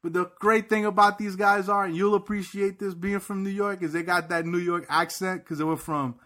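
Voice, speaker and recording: Animated man telling stories. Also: high voice, fairly quick. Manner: animated storyteller, laughs often, repeats words. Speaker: podcast co-host. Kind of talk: casual chat.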